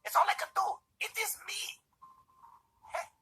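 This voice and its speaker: A man doing a sad-sack video game police officer, pitched well above his own voice. The tone is bright and needling, and he rambles in gloomy self-pity. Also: normal speed, slight background noise. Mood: mopey. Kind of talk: reading game dialogue aloud on a stream.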